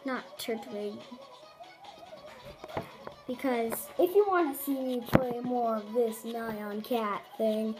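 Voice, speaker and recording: A performer voicing an excitable little turtle creature in silly game commentary, with squeaky shrieks and giddy, easily startled reactions. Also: slow, pauses often, close to an everyday voice, rough recording. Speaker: channel host. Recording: game music loud behind voice.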